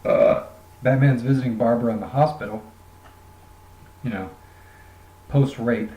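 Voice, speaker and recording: A man's voice: medium pitch, unhurried, mellow. A man casually reviewing a graphic novel, rambling and joking with lots of fillers. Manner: rambling, jokey, many fillers. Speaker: comic book reviewer. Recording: roomy echoey room.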